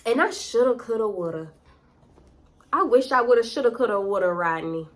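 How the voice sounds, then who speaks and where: A woman's voice: on the high side, animated, normal speed. A young woman, telling a storytime close to the camera in a profane, slangy, dramatic way. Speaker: vlogger. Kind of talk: casual storytime.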